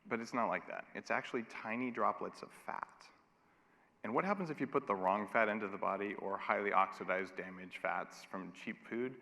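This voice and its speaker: A man delivers a conference keynote in a lowish, bright and forceful voice. He sounds emphatic and wry. His words ring out with a long reverb in a large hall. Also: creaky. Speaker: keynote speaker.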